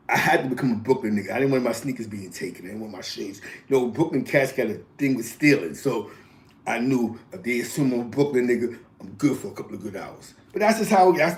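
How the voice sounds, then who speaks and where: A fairly high-pitched, slightly mellow voice belongs to a man from East Harlem with a New York accent, recorded in an echoey room. Storytelling casually in slang, he rambles through street stories and often tags lines with "you know what I'm saying" and a laugh.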